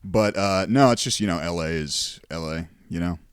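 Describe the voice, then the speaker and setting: A man's voice: low-pitched, moderate pace, smooth, no echo, studio quality. A man from Southern California hosting a podcast, chatting loosely with stammering restarts. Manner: relaxed, laughing, stammering restarts. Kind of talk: casual podcast chat.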